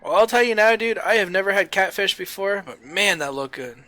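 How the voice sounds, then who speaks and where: A man's voice: high voice, animated, fairly quick, no room sound. A man streaming a farming game, chatting casually with friends on voice chat. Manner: upbeat and chatty, with loud showman greetings.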